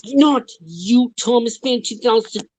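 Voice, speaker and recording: A woman chatting as a guest on a friends' stream, playful and excitable, with hesitant fillers. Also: on the high side, takes it slowly. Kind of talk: casual chat.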